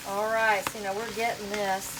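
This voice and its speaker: This cooking channel host, a woman with a Southern US accent, talks homily while stirring and cooking in a casual demo set in a borrowed home kitchen indoors. Her medium-pitched voice holds a level tone at normal speed against a noisy background. The mic is distant, the kitchen echoes, and a pan sizzles and fries on the stove.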